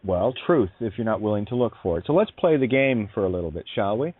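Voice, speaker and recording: A man's voice: fairly low pitch, expressive, fast talker, slightly rough, no room sound. Gushy rambly radio host guy, calls people honey, thin phone-ish dry sound. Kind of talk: spiritual talk radio chat. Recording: dry tinny phone-like line.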